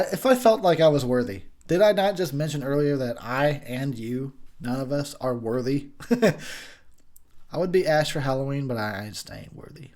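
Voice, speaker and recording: A man's voice: mid-range voice, a little mellow. Tipsy, profane man rambling over a movie. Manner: profane, rambling, laughing a lot. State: tipsy from drinking. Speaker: commentary host. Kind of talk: drunken movie commentary.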